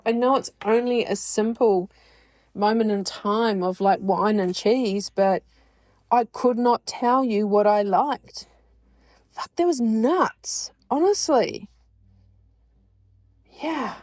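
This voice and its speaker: A woman's voice: fairly high pitch, darkish tone, dry recording. Frank, swearing woman podcast host. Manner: blunt and frank, swears freely; laughs often while talking. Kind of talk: candid personal monologue.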